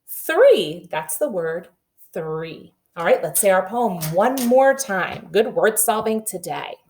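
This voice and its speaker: Slow, patient woman teaching kindergarten. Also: medium pitch, lively intonation, slight background noise. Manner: slow, clearly sounding out letters for children. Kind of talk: early reading lesson for young children.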